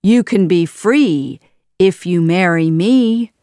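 A woman reading aloud, voicing a scheming male sorcerer villain with a loud, threatening delivery in a storybook. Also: lowish voice, lively intonation, takes it slowly, no echo, studio quality. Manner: threatening, gloating, raised voice.

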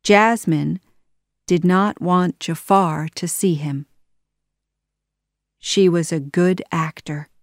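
A woman reading a children's story aloud, slow and deliberate. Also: lowish voice, steady tone, no echo, studio quality. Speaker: storybook narrator.

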